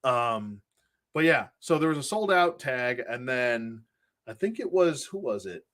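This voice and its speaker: A man's voice: mid-range voice, sing-song, unhurried, a bit bright. Chatty middle-aged guy from buffalo rambling through a toy livestream, laughs a lot. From Buffalo, New York area. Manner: rambling, chatty, laughs often, greets viewers. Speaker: toy collector livestream host. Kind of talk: casual livestream chat.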